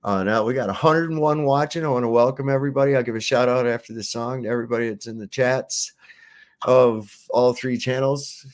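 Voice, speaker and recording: A man's voice: mid-range voice, fairly even intonation, brisk. A man hosting a casual livestream, talking in a profane, mocking and exasperated way. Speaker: livestream host.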